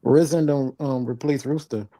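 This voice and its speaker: A man's voice: mid-range voice, fairly even intonation, normal speed, mellow, no room sound, studio quality. A man chiming in with joking, slangy remarks during a casual chat.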